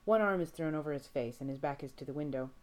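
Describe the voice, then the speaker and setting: Low-voiced woman reading fiction. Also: quick pace, a little mellow. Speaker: reader.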